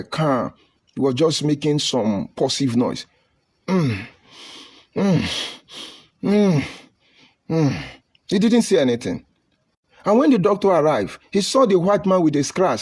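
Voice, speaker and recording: Husky man preaching politics. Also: a little high. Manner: preaching, rhetorical, emphatic lists. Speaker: political speaker. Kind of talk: impassioned political speech.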